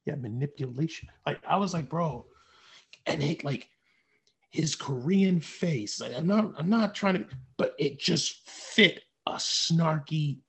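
A man with a gravelly, husky voice chatting casually on a review show. He talks in an excitable, swearing way, acting out scenes as he retells them. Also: fairly high pitch, slow pace. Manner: excitable, swears, acts out quotes. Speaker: podcast co-host.

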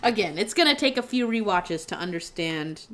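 A woman's voice: medium pitch, expressive, moderate pace, fairly bright tone, slight background noise. A woman co-hosting a casual movie podcast, blunt and swearing freely as she gives her takes. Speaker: podcast co-host. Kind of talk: casual movie review chat.

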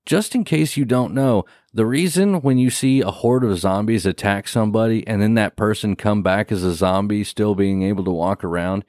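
A man co-hosting a casual podcast, recapping a horror movie with lots of swearing and quick acted-out lines. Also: lowish voice, no echo, studio quality. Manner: profane, animated, acts out movie characters in quick bursts. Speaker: podcast co-host.

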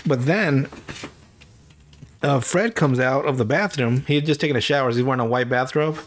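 A man's voice: medium pitch, normal speed, slight background noise. A man co-hosting a podcast, casually recapping a show, rambling and swearing, acting out the characters' lines in mock voices. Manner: rambling, profane, acts out quotes in mock voices. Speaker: podcast co-host.

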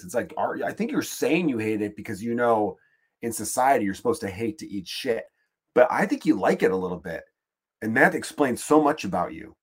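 A man's voice: lowish voice, husky. A man hosting his own podcast, rambling through a casual comedic monologue and swearing freely. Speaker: podcast host.

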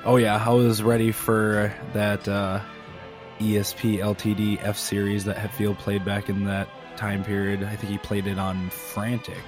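A man's voice: fairly low pitch, monotone, unhurried, over music. A man from Minnesota co-hosting a podcast, chatting casually and knowledgeably. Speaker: podcast co-host. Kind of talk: casual chat.

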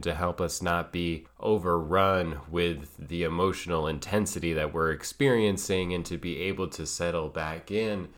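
A man who works as a child play therapist, speaking in a calm, measured, thoughtful way. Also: extremely low pitch. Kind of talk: reflective solo talk.

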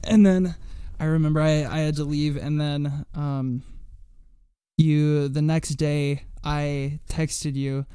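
A man's voice: on the high side, level tone, takes it slowly, warm tone, smooth, no echo. A young man co-hosting a podcast, telling a story in a rambling casual way with repeated words and frequent laughs. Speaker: podcast co-host.

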